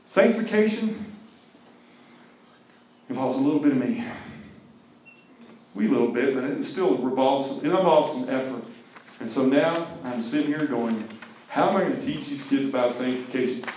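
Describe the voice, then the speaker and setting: A middle-aged man from Mississippi giving a lively, joking talk to teenagers, acting out movie scenes. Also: mid-range voice, a little fast, slight background noise. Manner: animated, jokey, acts out movie scenes and sings snatches. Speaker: speaker to a teen group. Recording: echoey hall from far off.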